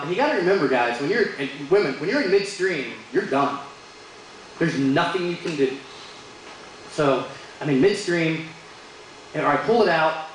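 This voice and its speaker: A man's voice: a little high, a little hiss or hum. A man doing a stand-up comedy set in a bar, telling joking stories about his kids and putting on funny voices for them. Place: bar stage. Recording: very echoey bar room with crowd ambience.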